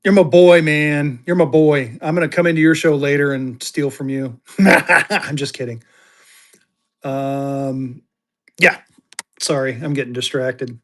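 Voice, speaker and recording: A man's voice: medium pitch, slow, fairly bright tone. A man hosting a live online auction, chatty and jokey, bantering with viewers as he shows items. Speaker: livestream seller and host. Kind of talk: casual live auction selling.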